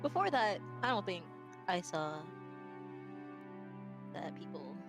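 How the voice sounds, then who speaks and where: A woman chatting casually with a friend during a stream, animated, swearing offhandedly and laughing often. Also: fairly low pitch, slow, creaky, over music. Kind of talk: casual chat between friends.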